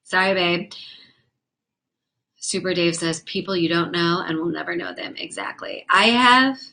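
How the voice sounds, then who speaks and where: This young woman's voice is lowish and bright, with a forceful tone. She's a livestream host and comedian who chats quickly and openly with viewers, cursing freely as she reacts to the chat.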